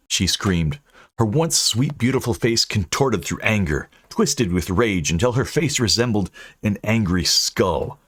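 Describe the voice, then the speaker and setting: A man's voice: fairly low pitch, sing-song, normal speed, slightly rough, no room sound. A man narrating a fantasy audiobook with dry, snarky humor.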